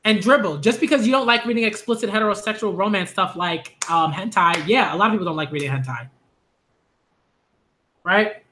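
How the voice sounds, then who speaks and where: Man, vlog rant, exasperated, animated, repeats himself for emphasis, sharp bright tone. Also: sits high, brisk. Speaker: manga commentator. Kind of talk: ranting commentary vlog.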